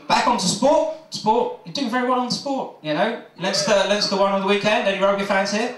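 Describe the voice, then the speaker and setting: A man's voice: high voice, expressive, normal speed, fairly bright tone, far from the mic, a little hiss or hum. Self-mocking male stand-up in a pub. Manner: rambling, self-mocking, chats with audience. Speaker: stand-up comedian. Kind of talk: stand-up comedy. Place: pub stage. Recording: roomy pub mic from afar.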